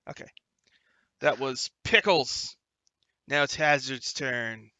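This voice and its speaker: A man's voice: medium pitch, expressive, slow, sharp tone, no echo. A man running a tabletop game as game master over an online voice call, talking casually with many fillers.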